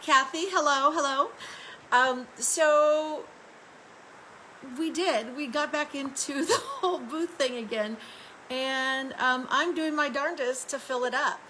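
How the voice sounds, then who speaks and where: A woman's voice: high voice, slow, bright, forceful tone, slight background noise, rough recording. A woman chatting casually on a live stream, upbeat and friendly, greeting viewers by name and laughing often as she shows off her home craft room. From Arizona, United States.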